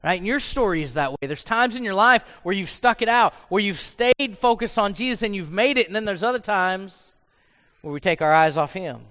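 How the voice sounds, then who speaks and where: A man preaching a sermon in a church and telling the story with lively acted-out voices. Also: high-pitched, normal speed, long reverb tail. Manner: animated storyteller who acts out voices. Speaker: pastor. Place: church sanctuary.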